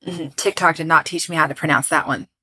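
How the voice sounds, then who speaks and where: A woman's voice: low voice, fairly even intonation, fast, pushed and bright, slightly rough. A woman co-hosting a podcast, chatting casually and telling a history story, laughing often and joking about her pronunciation. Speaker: podcast co-host.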